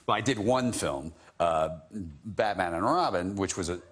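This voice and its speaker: A man's voice: low-pitched, animated, moderate pace, very noisy. A man who is a chat show guest, telling a self-deprecating anecdote and laughing often.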